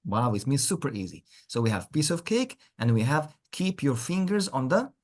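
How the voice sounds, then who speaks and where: A man's voice: mid-range voice, sing-song, normal speed, a little mellow. A man teaching an online English lesson, encouraging and repeating words with frequent praise. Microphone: computer mic on a video call.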